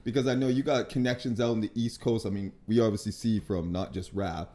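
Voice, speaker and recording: A man co-hosting a podcast, relaxed, asking a guest questions in a casual chat. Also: lowish voice, a little fast. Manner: relaxed, asks questions, frequent backchannel. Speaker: podcast co-host.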